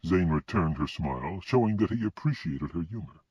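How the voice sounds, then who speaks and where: A man narrating a fantasy audiobook in an expressive reading style. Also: low voice, normal speed, husky, dry recording. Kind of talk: scripted narration. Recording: dull lo-fi recording.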